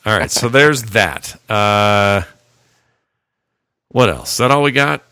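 A man's voice: lowish voice, animated, slow pace, pushed and bright, a little hiss or hum. A man hosting a casual podcast, bantering and laughing, irritated by small things. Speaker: podcast host. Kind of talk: casual chat.

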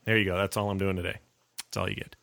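A man's voice: deep voice, level tone, racing, vocal fry, a bit bright, no room sound, studio quality. A man hosting a casual podcast, joking, laughing often and rambling through asides. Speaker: podcast host.

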